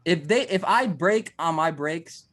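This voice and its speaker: A man's voice: on the high side, expressive, a little slow, a bit bright. A man hosting a podcast, arguing his point insistently and repeating himself in casual chat. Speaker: podcast host.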